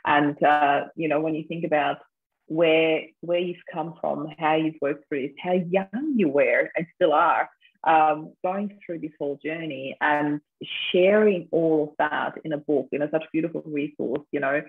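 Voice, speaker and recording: A woman's voice: deep voice, steady tone, a little slow, husky. A woman hosting an interview, gushing with affirmations and praise for her guest. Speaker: interview host. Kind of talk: supportive interview chat. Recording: tinny phone-like call line.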